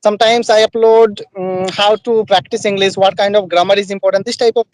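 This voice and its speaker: A young man from West Bengal, a polite, halting learner on a practice call who keeps saying actually and ma'am. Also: high-pitched, fairly even intonation, poor audio. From West Bengal, India. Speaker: conversation partner, learner. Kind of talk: casual conversation practice call. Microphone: video call.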